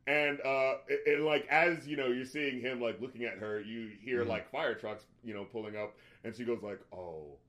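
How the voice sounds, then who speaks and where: A man's voice: mid-range voice, moderate pace, few pauses. A man in a casual chat, retelling a movie scene by scene with lots of fillers and acted-out lines. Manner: animated retelling, acts out characters' lines, frequent fillers and swearing.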